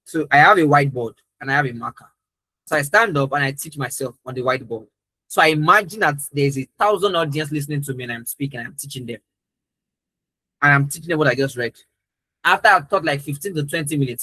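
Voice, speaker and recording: A young man with a somewhat high, bright, forceful voice leads a live training session. He talks earnestly and emphatically, leaning into his points. The sound is dry and close. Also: expressive, fast talker, husky, no room sound, rough recording.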